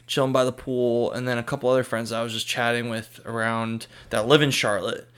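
Man, bright tense voice, laid-back podcast co-host, casual chat. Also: mid-range voice, flat delivery, a little fast, smooth. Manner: laid-back, lots of "like" fillers.

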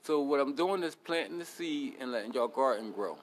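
Man, podcast host, casual monologue, blunt, swearing, motivational, middle pitch. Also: expressive, a little fast, a little hiss or hum.

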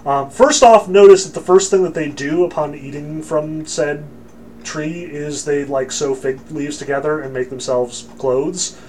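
A man's voice: on the high side, unhurried, a little mellow. A man lecturing on scripture in a casual, emphatic, joking way with frequent fillers. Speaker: religion lecturer.

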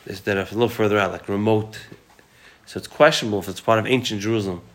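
A man leads a relaxed Talmud class. He quotes passages in Aramaic and Hebrew, then explains them in easygoing, conversational English. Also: on the low side, fast. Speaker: Talmud teacher.

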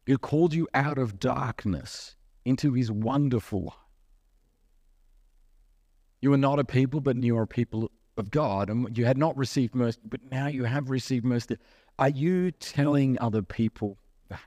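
A man's voice: mid-range voice, normal speed, warm tone, dry recording. Man preaching a conversational sermon. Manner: conversational preaching with rhetorical questions and acted-out asides. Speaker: pastor.

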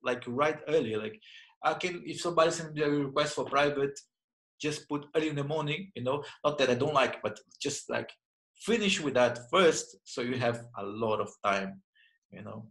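A man in his thirties, a martial arts instructor, answering interview questions in a reflective, halting way with many restarts. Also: mid-range voice, creaky, fairly bright tone, rough recording. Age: 30s.

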